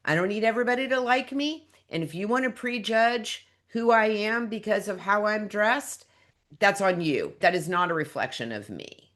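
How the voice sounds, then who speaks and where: A woman's voice: mid-range voice, animated, normal speed, fairly bright tone. A woman hosting an interview podcast, speaking in an emphatic, motivational way. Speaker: podcast host.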